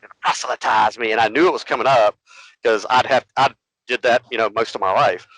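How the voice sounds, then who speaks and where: Animated storytelling man. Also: mid-range voice, fairly quick, no echo, poor audio. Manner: animated storytelling, acts out other voices. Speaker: podcast co-host. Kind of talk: casual storytelling.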